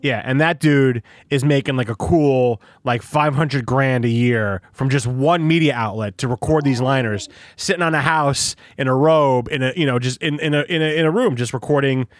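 A man's voice: mid-range voice, moderate pace, hardly any pauses. A man hosting a podcast, chatting casually in a rambling way, repeating himself and swearing freely. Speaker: podcast host. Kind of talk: casual interview chat.

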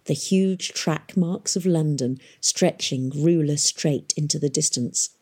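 A woman narrating an audiobook in a measured, gentle storytelling manner. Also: low voice, breathy edge. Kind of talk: scripted narration.

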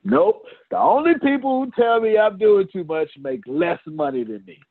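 A man leading a business coaching session on a video call. He talks in an animated way and addresses attendees by name. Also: high voice, normal speed, gravelly, no room sound. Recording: tinny phone-like call audio.

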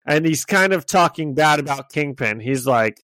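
A man's voice: fairly high pitch, expressive, moderate pace, a bit bright, no room sound. Man recapping comics with laughs, dry mic. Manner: chatty, laughing, frequent restarts. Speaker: podcast co-host recapping comics. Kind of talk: casual chat.

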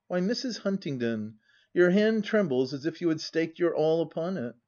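Loud, bluff teasing man, rough and mocking, voiced by a man, lo-fi audiobook sound. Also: a little high, animated, normal speed, natural voice. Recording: dull lo-fi audiobook recording.

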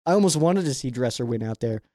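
A man's voice: mid-range voice, lively intonation, fast talker, dark tone, no room sound, studio quality. A young man hosting a fan sports show, rambling casually through viewer questions and leaning heavily on "like". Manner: rambling, filler-heavy, with frequent "like".

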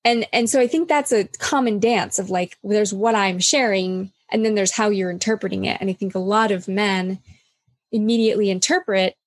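A woman's voice: medium pitch, normal speed, dry recording. A woman in casual conversation, speaking candidly and reflectively, with lots of "like" and acted-out quotes. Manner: reflective and candid, filler-heavy, acts out quoted dialogue.

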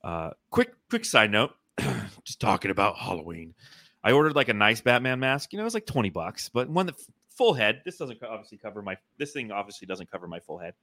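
Low-voiced guy rambling on his podcast, swears a lot, dry close sound. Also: sing-song, fairly quick, bright, forceful tone, no echo. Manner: rambling, profane storytelling. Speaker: podcast host. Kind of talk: casual sports podcast chat.

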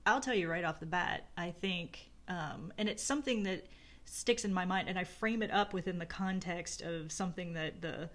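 A woman's voice: fairly low pitch, moderate pace. A middle-aged woman in casual conversation, reflecting at length on her marriage with many fillers and restarts. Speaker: podcast co-host talking about her marriage.

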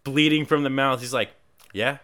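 A man's voice: mid-range voice, fairly even intonation, normal speed, crowd noise. A man co-hosting a podcast, recapping a movie in casual chat, with sarcastic asides and acted-out quotes. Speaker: podcast co-host.

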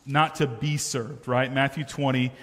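A man's voice: medium pitch, little pitch movement, measured pace. A man preaching a sermon as pastor, talking to the congregation in an emphatic, conversational way that builds in intensity. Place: church sanctuary. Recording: reverberant church hall.

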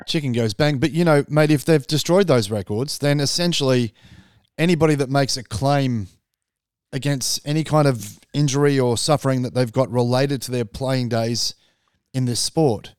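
Aussie guy co-hosting, laid back, mid pitch, dry close sound. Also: normal speed, clean tone, dry recording. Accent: Australian. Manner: relaxed, brief replies, swears casually. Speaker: podcast co-host. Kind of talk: casual chat.

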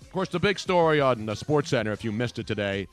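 Gruff older radio host, storyteller. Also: male voice, mid-range voice, expressive, quick pace, soft background music. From Philadelphia. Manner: gruff, storytelling, drops to a mumble. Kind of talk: casual studio banter.

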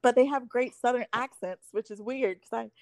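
A young woman in her twenties, a podcast guest, chatting casually and acting out her stories with lively quoted voices. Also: a little high, normal speed, no room sound. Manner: animated storyteller acting out quotes, giggly. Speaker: podcast guest, former pro cheerleader. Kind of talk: casual chat.

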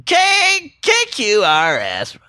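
A man's voice: high-pitched, wildly swooping pitch, drawn-out words, bright, forceful tone, no room sound, studio quality, voice pushed up, full character voice. A man voicing a cheesy, upbeat male radio DJ with hyped announcer patter.

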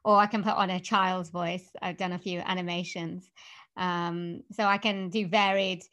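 A woman's voice: lowish voice, flat delivery, moderate pace, fairly bright tone. Upbeat Welsh woman with easy laughs. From Wales. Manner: upbeat, laughs often, hesitant fillers. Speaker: voiceover artist guest. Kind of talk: casual interview chat.

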